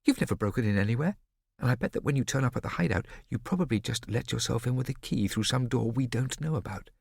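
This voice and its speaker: A man's voice: mid-range voice, fast, vocal fry, darkish tone, breathy edge, no echo, studio quality. A man reading an audiobook, voicing a wary, protective teenage older brother who speaks bluntly and accusingly.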